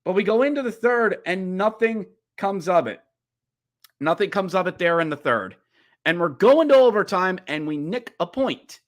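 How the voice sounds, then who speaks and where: A man hosting a podcast, recapping a hockey game as a fan, getting riled up and yelling during the play-by-play. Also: sits high. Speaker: podcast host.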